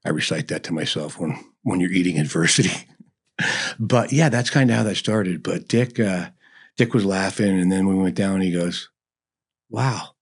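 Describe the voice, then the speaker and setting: A man's voice: sits low, moderate pace, slightly rough. A middle-aged man who owns a barbecue business, telling stories in a folksy, rambling way as a guest in a casual interview. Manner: storytelling, folksy, lots of "you know". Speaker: barbecue restaurant owner, guest.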